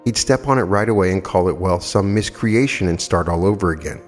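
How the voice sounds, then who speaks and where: A man's voice: deep voice, fairly quick, big-room sound, soft background music. A man in his fifties giving a spiritual lecture, telling anecdotes earnestly and emphatically with rhetorical questions. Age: 50s. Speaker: metaphysical lecturer.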